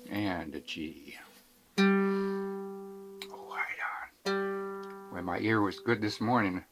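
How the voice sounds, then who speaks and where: A man who teaches young children, talking gently and singing folk songs to his guitar in a home recording. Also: lowish voice, expressive, slow. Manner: gentle, soft-spoken, sings folk songs. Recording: loud guitar over the voice.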